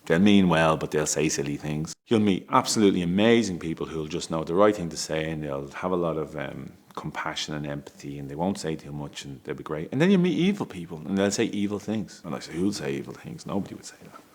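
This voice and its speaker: A middle-aged man with a very deep, low-pitched voice tells a personal story about his family. He speaks candidly and emotionally, often stumbling, restarting his sentences and breaking into small laughs. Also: animated, fast, few pauses. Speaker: father telling a personal story.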